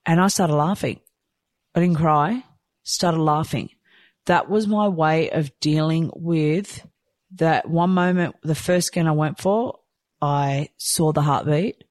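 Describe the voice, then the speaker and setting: A woman telling a personal story candidly and from the heart, rushing and restarting her sentences. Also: deep voice, darkish tone, dry recording. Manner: heartfelt, rushed, with frequent restarts. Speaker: storyteller sharing a personal experience.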